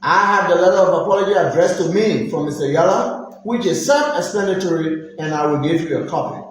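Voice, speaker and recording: A middle-aged man with a Liberian accent, a university vice president giving a formal, emphatic press statement that admonishes. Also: sits high. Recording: very echoey room with faint noise.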